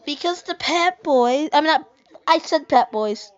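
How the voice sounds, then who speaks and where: High-voiced silly girl at a theme park. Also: expressive, measured pace, no room sound. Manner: silly, swears, bickers. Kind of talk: casual vlog chat. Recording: muffled lo-fi phone audio with faint music.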